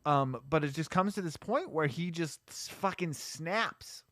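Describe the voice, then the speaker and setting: A man's voice: on the high side, unhurried, no room sound. Rambling man recapping a movie, dry mic. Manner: rambling, full of "like" and restarts, animated retelling. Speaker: podcast co-host. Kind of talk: casual chat, recapping a movie.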